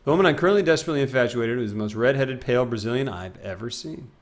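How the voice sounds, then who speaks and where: A man's voice: medium pitch, expressive, racing. A young man streaming a game live, chatting casually with his viewers and rambling, self-mocking, often trailing off into mumbles.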